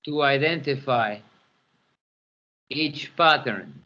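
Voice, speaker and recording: A man's voice: medium pitch, takes it slowly. A man teaching an English pronunciation lesson, repeating words to model their stress. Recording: dull lo-fi classroom recording.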